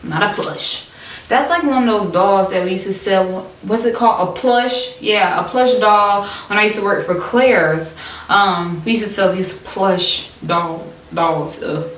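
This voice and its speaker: A woman's voice: medium pitch, a little slow, a bit bright. Gushing young woman vlogger, echoey room. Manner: dramatic, gushing, addresses viewers as y'all. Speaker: fashion vlogger. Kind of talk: excited unboxing chat. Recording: roomy echo, mic at a distance, faint noise.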